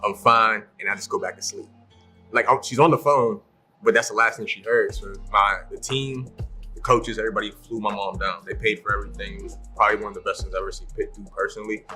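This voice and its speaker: Fast-talking forceful man telling a story. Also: lowish voice, faint music behind. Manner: animated, acts out the voices of people in his story; laughs often while telling. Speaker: podcast guest. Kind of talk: casual storytelling.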